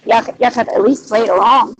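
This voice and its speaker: A woman's voice: a little high, brisk. A woman from Louisiana with a Southern accent, chatting loosely with fillers and restarts as she hosts a group video call. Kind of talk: casual group-call chat. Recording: noisy online call audio.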